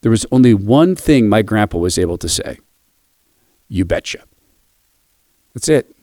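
A man hosting a radio devotional, quietly telling a personal story before closing with a blessing. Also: lowish voice, lively intonation, unhurried, no echo, clean studio sound.

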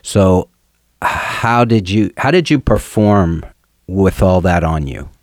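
Brief: male interview host, very low voice, dry close-mic sound, encouraging. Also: expressive, slow pace, no echo. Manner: affirming, asks long detailed questions. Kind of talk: conversational interview.

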